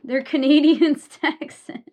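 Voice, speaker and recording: A woman's voice: sits high, fairly even intonation, takes it slowly, highs cut off. A young woman streaming a game, tired and yawning, chatting loosely with viewers and swearing often. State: sleepy, yawning. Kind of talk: casual live-stream chat while gaming.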